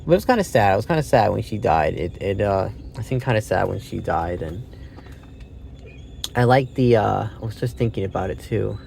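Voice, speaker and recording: A man talks through a film review in a loose, rambling way, swearing freely and stumbling over his thoughts. His voice sits low with a gravelly, creaky edge. A faint hiss of noise runs under the recording. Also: expressive, moderate pace, a little mellow. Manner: rambling, profane, with fillers and restarts. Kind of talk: casual spoken movie review.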